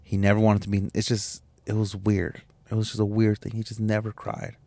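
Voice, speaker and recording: Candid low-voiced man telling a story. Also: completely flat delivery, brisk, dark tone, no room sound. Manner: candid, emotional, rambling with restarts and swearing. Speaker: podcast host. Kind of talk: personal storytelling monologue.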